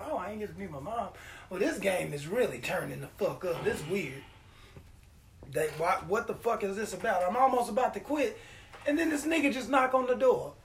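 A high-voiced man hosts a casual podcast. He tells his story in an animated, profane way and acts out the lines of the people in it. A faint hiss sits under his voice. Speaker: podcast host.

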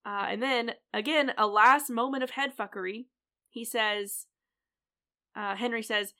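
A woman's voice: on the high side, measured pace, sharp tone. A woman co-hosting a casual TV recap podcast, swearing freely and laughing often. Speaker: podcast co-host.

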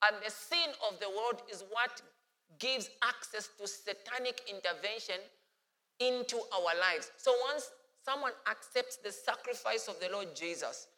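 A man preaching a sermon as pastor, animated and playful. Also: high voice, a little slow, long reverb tail.

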